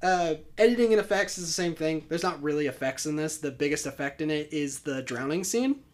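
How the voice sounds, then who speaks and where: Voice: medium pitch, lively intonation, brisk. A podcast co-host chatting casually about a movie, rambling with lots of fillers. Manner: rambling, filler-heavy, enthusiastic. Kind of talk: casual movie review chat.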